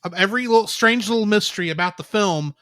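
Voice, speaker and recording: A man co-hosting a podcast, calmly and analytically talking through a film's story in casual chat. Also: sits high, fast talker, dry recording, clean studio sound. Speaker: podcast co-host. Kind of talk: casual film review chat.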